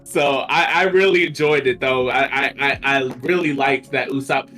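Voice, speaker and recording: Bright-toned enthusiastic man on a podcast. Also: mid-range voice, steady tone, normal speed, faint music behind. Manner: enthusiastic, analytical. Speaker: podcast co-host. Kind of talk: casual podcast chat.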